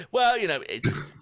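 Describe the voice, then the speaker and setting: A man with an English accent co-hosting a music reaction show, chatting and joking in a casual, animated way. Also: on the high side. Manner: animated, self-deprecating, chatty. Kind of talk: casual banter.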